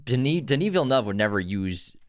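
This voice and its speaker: A young man co-hosting a film podcast, reading dates and picks in a brisk, easygoing way. His voice sits at a plain middle pitch. The sound is close and dry. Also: sing-song, no echo. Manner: brisk list reading with easy banter. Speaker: podcast co-host. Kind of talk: casual film podcast chat and segment reading.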